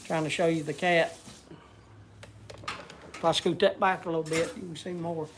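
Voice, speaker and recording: A man's voice: a little high, little pitch movement, moderate pace, background noise. Brief: man, folksy livestream rambler, loses his words. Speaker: vlogger. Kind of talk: casual livestream chat.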